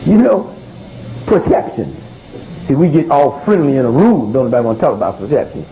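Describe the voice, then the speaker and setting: A man's voice: mid-range voice, very animated, a little fast, dark tone, a little hiss or hum, rough recording. A man giving live social commentary to an audience in a room, talking in a preacherly call-and-response way and often asking "right?" to keep the crowd with him. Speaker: speaker addressing a live audience.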